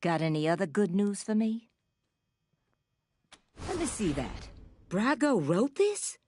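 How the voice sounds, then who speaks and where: An actress playing a brisk, businesslike female sheriff in a video game. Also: medium pitch, big pitch swings, darkish tone, a little hiss or hum.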